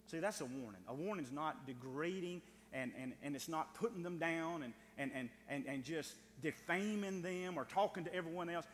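A man preaching in a church, his fairly high voice ringing out with a long hall reverb. He hammers key phrases again and again, rising to loud urging and then dropping to soft pleading. A faint hum sits beneath the recording. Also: normal speed, few pauses. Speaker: pastor. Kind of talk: sermon. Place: church sanctuary.

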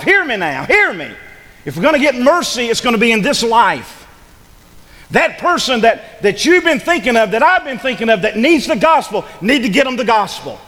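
A man's voice: high voice, pushed and bright, big-room sound, rough recording. A male pastor preaching a sermon, repeating phrases for emphasis and building to urgent peaks. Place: church.

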